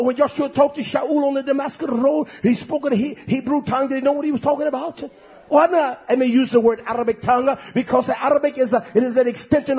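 High-voiced husky preacher, emphatic questions. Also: male voice, lo-fi sound. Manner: rhetorical questions, repetitive, emphatic. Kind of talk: sermon.

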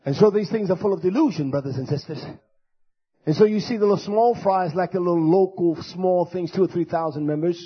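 Male pastor, high husky voice, fiery sermon delivery with loud outbursts and quiet asides. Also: brisk, dull audio. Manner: loud, shouting denunciations that drop to low muttered asides.

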